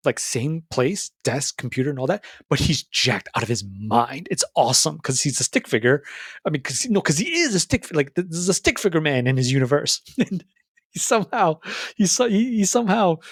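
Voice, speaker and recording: Rambling young man, a bit high-pitched. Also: breathy edge, dry recording, studio quality. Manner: rambling and stammering, with frequent restarts; animated, with bro slang. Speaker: YouTuber. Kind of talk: casual monologue to camera.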